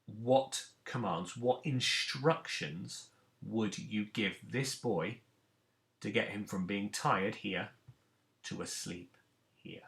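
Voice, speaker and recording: Low gravelly male teacher. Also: slow pace, a bit bright. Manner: patient, clear step-by-step explaining. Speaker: primary school teacher. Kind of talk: recorded lesson for children.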